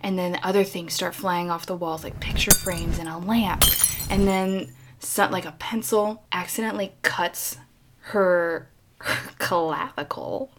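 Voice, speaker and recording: A woman retelling a film plot in casual chat, animated and acting out the characters. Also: on the low side, measured pace, slight background noise. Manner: animated storytelling, acting out voices.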